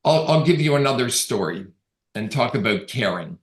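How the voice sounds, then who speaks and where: Middle-aged man from Canada, conversational storyteller, mid pitch, echoey room sound. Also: lively intonation, moderate pace. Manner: conversational, storytelling with quoted dialogue. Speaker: real estate agent giving a webinar talk. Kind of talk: casual storytelling talk. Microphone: video call. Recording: roomy echo on the voice.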